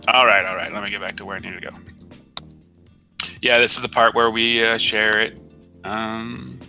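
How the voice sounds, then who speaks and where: A man hosting a live-streamed show in casual chat, joking and laughing often, with soft music behind. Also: lowish voice, fairly even intonation, moderate pace, gravelly. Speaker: show host. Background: soft background music.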